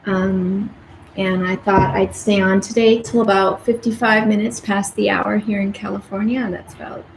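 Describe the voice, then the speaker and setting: A woman's voice: medium pitch, roomy sound, slight background noise, low-quality recording. A woman art educator chatting casually on a live stream as she paints, rambling and restarting her sentences. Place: home art studio.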